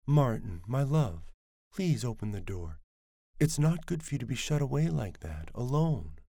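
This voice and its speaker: A man's voice: mid-range voice, big pitch swings, unhurried, vocal fry, dry recording, clean studio sound, pitched above the performer's own voice, heavily acted. A man doing a honeyed, coaxing devout mother. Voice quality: languid, honeyed, liquid voice. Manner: coaxing, evenly modulated and warm. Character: heavy, devout middle-aged mother coaxing her son.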